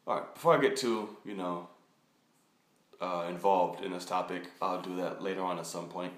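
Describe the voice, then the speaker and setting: A man with a somewhat deep voice eases into a casual, meandering introduction, padding his sentences with ums and you-knows. His voice bounces around an echoey room. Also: normal speed. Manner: rambling, relaxed, with many fillers. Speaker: YouTube reaction host. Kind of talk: casual monologue.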